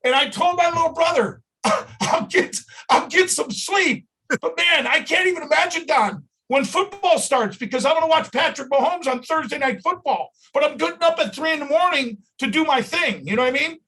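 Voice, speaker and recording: A company owner talking on a live video call, emotional and fired up, shouting and repeating himself for emphasis. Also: male voice, very high-pitched, lively intonation, fairly quick, poor audio. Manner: shouting, emotional, punchy repetition.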